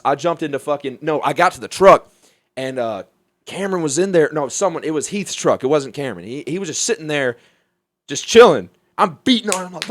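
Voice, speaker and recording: A young man from Alabama, a comedian guest telling a story in a profane, animated way, laughing as he goes. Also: fairly high pitch, no room sound. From Mobile, Alabama, US. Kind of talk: casual storytelling.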